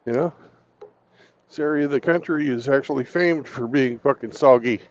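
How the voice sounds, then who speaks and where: A man's voice: medium pitch, moderate pace, muffled recording, a little hiss or hum. A man in casual chat, joking bluntly and swearing freely.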